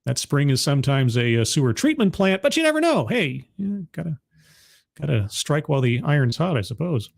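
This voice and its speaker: A man's voice: medium pitch, sing-song, normal speed, creaky, a little mellow, dry recording, clean studio sound. A man hosting a casual livestream, greeting his chat one by one and rambling with many fillers. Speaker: livestream host.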